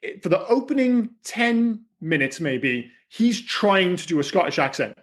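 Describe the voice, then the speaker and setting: A man co-hosting a film podcast, throwing out opinions with loose, sweary energy. His voice sits a touch high and swings widely as he argues his case. It sounds like a relaxed chat between friends. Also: unhurried. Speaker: podcast co-host. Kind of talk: casual film discussion.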